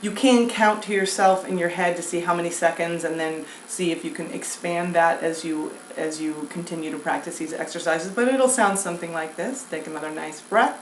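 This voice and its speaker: A woman vocal coach giving a singing lesson, explaining breath and throat exercises in a relaxed, chatty way and demonstrating sung scales. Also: lowish voice, normal speed, few pauses, far from the mic. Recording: echoey room with faint noise.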